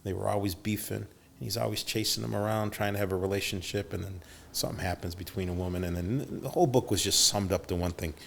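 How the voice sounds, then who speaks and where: A man's voice: lowish voice, fairly even intonation, fast, creaky, hardly any pauses, slight background noise. A middle-aged man telling stories as a podcast guest, acting out quotes with big jumps in his voice and swearing freely. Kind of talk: storytelling interview.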